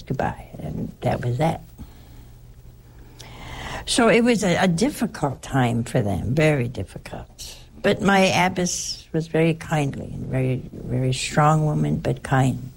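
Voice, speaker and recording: An older nun tells a personal story, wandering and restarting as she goes. Her voice sits low and has a gravelly fry to it. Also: a little mellow. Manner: rambling, conversational, with frequent restarts.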